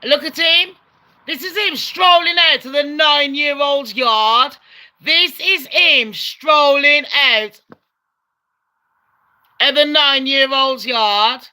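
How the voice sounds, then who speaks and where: A woman commentating on a true-crime video, excitable, loud and swearing a lot. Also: high-pitched, slow. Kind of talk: live commentary over video.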